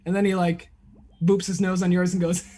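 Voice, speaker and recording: A man's voice: high voice, little pitch movement, a little fast, dark tone. A man narrating a tabletop game as game master, describing scenes loosely with frequent "like" and "uh".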